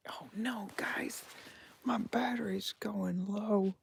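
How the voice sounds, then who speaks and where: A woman live-streaming a late-night walk, speaking in a hushed, giggly whisper outdoors in the woods on a phone. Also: medium pitch, steady tone, slow, gravelly, a little hiss or hum.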